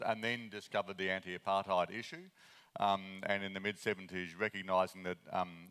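An Australian man in his fifties giving a conference talk, speaking fast and earnestly with frequent ums and restarts. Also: deep voice, fairly bright tone, in a large hall. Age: 50s.

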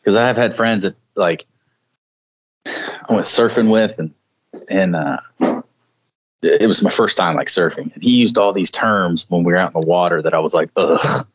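A man co-hosting a podcast in casual chat, telling relaxed stories and mimicking people for laughs. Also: deep voice, moderate pace, pauses often, poor audio. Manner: laid-back storyteller, mimics people for laughs. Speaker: podcast co-host.

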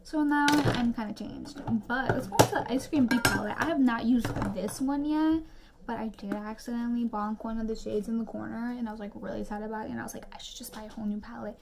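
A young woman vlogging a makeup tutorial, rambling through chatty rants and quick asides. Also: a little high, gravelly, noisy background. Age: young adult. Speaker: beauty vlogger.

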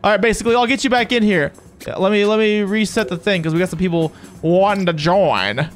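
A game streamer giving excitable, chatty live commentary on a match and talking to viewers in chat. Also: mid-range voice, brisk. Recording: game music playing behind the voice.

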